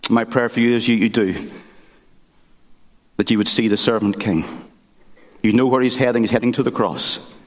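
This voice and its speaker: A man, a pastor, preaching a sermon and telling a story in an earnest, halting way with many restarts. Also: mid-range voice, fairly even intonation. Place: church sanctuary. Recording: church hall reverb.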